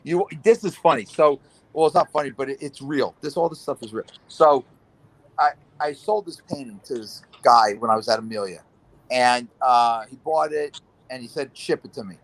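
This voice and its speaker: A man's voice: medium pitch, moderate pace. Middle-aged guy hosting a chat, tells stories from the heart, curses a bit. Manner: storytelling, emotional, swears casually. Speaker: host. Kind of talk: casual chat.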